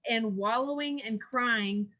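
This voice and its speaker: Bright-voiced woman podcast co-host. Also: on the high side, takes it slowly, dull audio. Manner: animated, laughs often, acts out stern mom voice. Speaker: mother. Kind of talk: casual chat.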